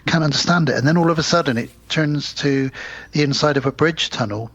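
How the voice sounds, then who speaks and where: A man co-hosting a podcast, calmly recapping a film in casual chat. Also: on the high side, fairly quick, breathy edge, no echo, lo-fi sound. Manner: relaxed plot recap. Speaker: podcast co-host.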